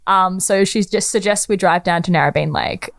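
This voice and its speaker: A woman's voice: on the low side, normal speed, vocal fry, no echo. Chatty young woman storyteller. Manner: conversational, chatty, laughs often, many fillers. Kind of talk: personal anecdote storytelling.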